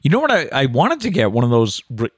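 A man's voice: mid-range voice, wildly swooping pitch, fast, husky, dry recording. A middle-aged man hosting a casual chat show, making dry, self-mocking quips. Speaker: host.

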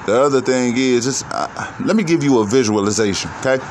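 A man's voice: mid-range voice, brisk, noisy background. A man talking in a casual, profane, rambling monologue, preaching his views.

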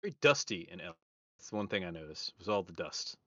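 A man's voice: low voice, animated, fast talker, bright, forceful tone, no room sound. A man hosting a podcast, chatting casually and tossing in dry quips. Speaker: podcast host. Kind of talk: casual chat. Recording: dull lo-fi audio.

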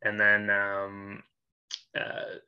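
A man's voice: on the low side, monotone, very slow, clean tone, dull audio. A young man in his twenties, a designer guest, talking casually and easily with plenty of fillers. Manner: easygoing, laughs often, uses fillers. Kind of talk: casual interview chat.

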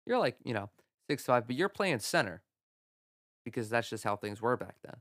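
A young man hosting a solo sports podcast from home, talking in an excitable, profane rant and laughing at his own jokes. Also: mid-range voice, moderate pace, no room sound, clean studio sound. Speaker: podcast host. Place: home room.

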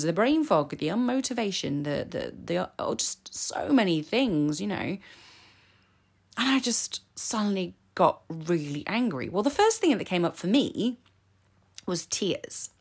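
Podcast host, woman in her 40s, slightly low voice, candid confessional chat. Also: big pitch swings, moderate pace, slightly rough. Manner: chatty, candid, openly emotional. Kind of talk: casual solo podcast talk.

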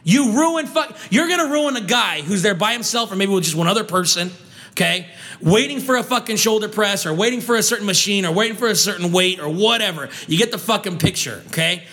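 A vlogger man on an angry, foul-mouthed rant. His voice sits high and sounds bright and sharp. He keeps tripping over his words as he restarts his sentences in frustration. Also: animated, fast talker. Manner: heated, swearing constantly, stumbling restarts.

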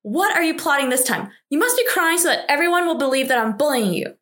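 Woman doing a fed-up sharp-tongued young lady, high and snappy. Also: expressive, fast talker. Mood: exasperated. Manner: exasperated, scolding.

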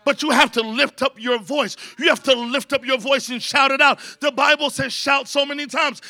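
A pastor delivers his sermon in a high, bright voice. He calls out to the congregation to answer him and to repeat his words back. The sound is dry and close. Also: no echo. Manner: energetic preaching, call-and-response with the congregation; jokey asides to the crowd.

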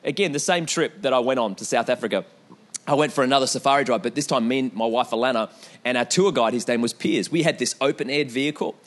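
A young man preaching a sermon in an animated way, with repeated calls to the congregation and storytelling asides. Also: mid-range voice, fast. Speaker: pastor.

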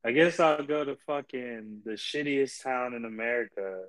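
A young man co-hosting a casual sports podcast, ranting in exasperation and swearing constantly, his pitch jumping high when he gets worked up. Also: moderate pace, a bit bright, rough recording. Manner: profane, exasperated ranting with big pitch jumps. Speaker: podcast co-host.

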